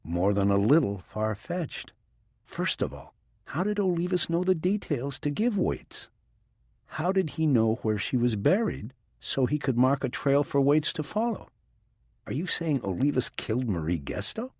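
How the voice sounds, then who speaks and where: A man's voice: medium pitch, sing-song, a little slow, a little mellow, slightly rough, no echo, clean studio sound, voice pushed up. A man voicing a skeptical female federal agent in an audiobook, pushing back with doubting questions. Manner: doubting, pushes back hard.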